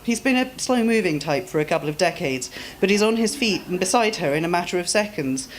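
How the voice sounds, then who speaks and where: A woman author reads her own story aloud at a live event, measured and expressive. Her voice sits low, with a faint hiss of noise behind it.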